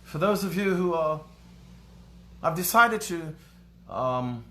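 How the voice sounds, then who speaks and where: A man voicing a prim, proper-spoken English news critic with careful, formal enunciation and a measured, pompous newsreader delivery. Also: a little high, animated, pushed and bright, a little hiss or hum, exaggerated voice.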